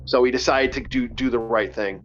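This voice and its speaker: A man's voice: medium pitch, steady tone, a little fast, fairly bright tone, muffled recording, faint music behind. A man hosting a casual podcast, telling a story in a rambling way with many restarts. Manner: rambling, repeats words. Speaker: podcast host.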